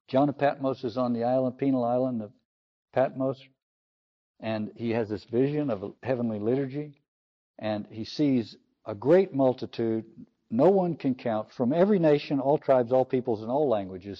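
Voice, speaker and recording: A man preaching a sermon on scripture, thoughtful and explanatory, lifting his voice for quoted speech and letting line ends fall low. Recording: slightly dull lo-fi sound.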